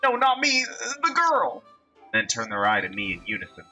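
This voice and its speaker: A man reading a visual novel aloud, voicing a panicky middle-aged man who begs frantically in a shrill voice. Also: steady tone, quick pace, sharp tone, soft background music, poor audio. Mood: panicked.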